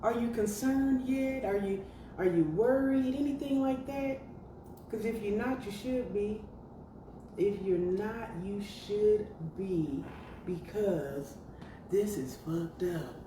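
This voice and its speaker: A woman hosting her podcast solo, talking in a sassy, profane, animated way, with lots of asides to her listeners. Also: fairly low pitch. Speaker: podcast host. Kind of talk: casual commentary monologue. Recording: roomy, distant mic with faint noise.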